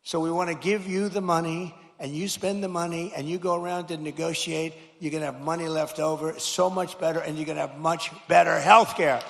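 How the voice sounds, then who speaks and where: A man's voice: on the high side, fairly even intonation, fairly quick, gravelly, few pauses. Older man giving a rambling speech in a reverberant hall. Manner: rambling, repetitive, rising to shouted slogans. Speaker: political speaker. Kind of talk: campaign-style speech. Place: large hall at a high school.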